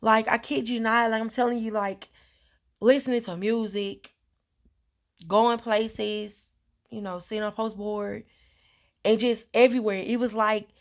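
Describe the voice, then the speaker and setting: A woman vlogger talking earnestly and rambling, with many fillers and repetitions, in a casual heartfelt monologue. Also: on the high side.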